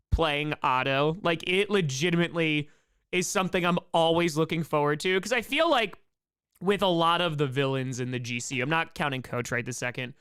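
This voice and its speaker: A man hosting a casual livestream Q&A, excitable and playful, shouting out donors' names and making little sound effects to thank them. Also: a little high, smooth. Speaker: livestream host.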